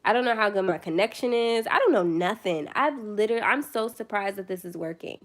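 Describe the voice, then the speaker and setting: A woman's voice: medium pitch, lively intonation, brisk. A young woman chatting casually on her first phone livestream, tired late at night, rambling and self-deprecating.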